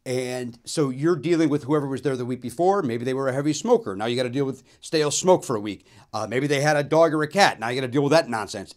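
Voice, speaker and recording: A man in his fifties, a comedian and show host, telling a comic story with sudden loud outbursts and quick asides. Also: mid-range voice.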